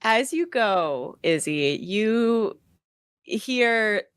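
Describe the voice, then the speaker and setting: A woman's voice: mid-range voice, animated, extremely slow, clear, resonant tone, dry recording, studio quality. A young woman casually narrating as game master of a tabletop role-play, with many fillers.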